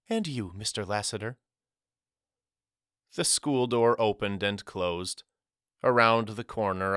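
Male narrator, bright and crisp, with a dry, close sound; measured storytelling read. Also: lowish voice, no room sound. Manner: measured first-person storytelling. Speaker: audiobook narrator. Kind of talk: scripted narration.

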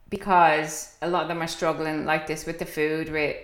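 A woman's voice: deep voice, level tone, moderate pace, soft background music. A middle-aged Irish woman hosting a podcast, chatting casually and telling stories with animation. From Ireland. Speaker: podcast host. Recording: echoey room.

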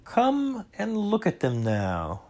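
A man's voice: high-pitched, huge pitch swings, slow pace, darkish tone, pitched above the performer's own voice, heavily acted. A man voicing a pompous, long-winded owl in a storybook reading, fond of long words. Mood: proud.

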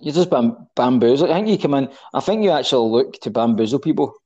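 A man's voice: mid-range voice, lively intonation, fast talker, dark tone, dull audio. A man interviewing a friend in casual conversation, laughing and teasing him.

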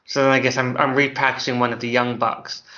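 A man in a casual podcast chat, hesitant and thinking aloud with many pauses. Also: mid-range voice, flat delivery, bright, forceful tone. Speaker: podcast co-host. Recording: dull lo-fi recording.

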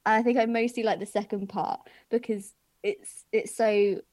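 A woman's voice: medium pitch, fairly even intonation, moderate pace, a little mellow, dry recording. A woman chatting casually about song lyrics as a podcast co-host. She laughs often and thinks aloud.

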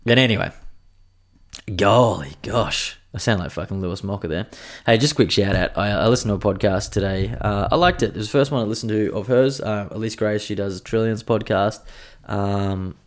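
A man's voice: on the low side, brisk. An Australian man hosting a podcast, telling a long, sweary, ranting story in a casual monologue. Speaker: podcast host.

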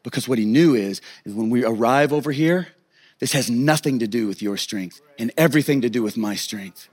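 A man preaching a sermon as a pastor, telling a personal story in an animated, humorous way. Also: medium pitch, fairly quick.

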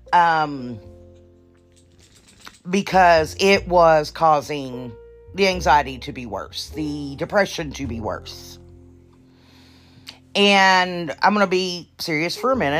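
Woman podcaster, kinda low voice, swears a lot, says it straight, faint music behind. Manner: blunt, profane, says it like it is; a little nervous, halting. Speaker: podcast host. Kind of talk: casual solo podcast chat.

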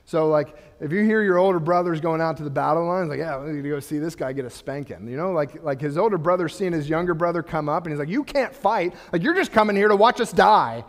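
A middle-aged man preaching in a church hall with a high, bright voice. He talks casually, then builds to fervent rhetorical questions, his words trailing into a long reverb. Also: fast, few pauses. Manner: animated, rising to impassioned rhetorical questions. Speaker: pastor. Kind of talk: sermon.

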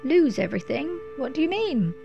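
A woman's voice: high-pitched, sing-song, fairly quick, vocal fry, warm tone, lo-fi sound, soft background music, exaggerated voice. A woman voicing an anxious young boy who pleads and tumbles out questions. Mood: bewildered.

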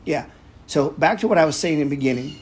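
A man's voice: a little high, fast talker, slightly rough. A man hosting a live audio chat room, talking casually in a blunt, profane, rambling way. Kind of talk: casual talk.

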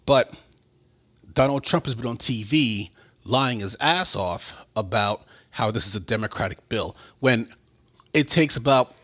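A man talks through a casual commentary rant, blunt and sarcastic. His pitch sits right in the middle for a man. He swears freely. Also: sharp tone. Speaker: political commentator.

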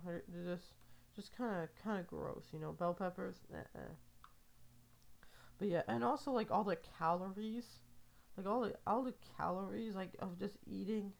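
A woman's voice: lowish voice, gravelly, darkish tone. A young adult woman rambling in a casual, filler-heavy podcast monologue, amused and meandering.

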